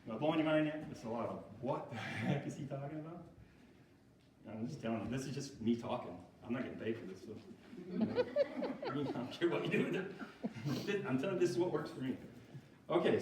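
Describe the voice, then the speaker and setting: A man's voice: medium pitch, a little mellow. A man speaks to a church recovery group in a loose, conversational way, checking in with his listeners and laughing at himself. He sounds distant from the microphone, and his voice rings around a very echoey hall. A faint hiss sits behind him. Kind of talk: informal church talk.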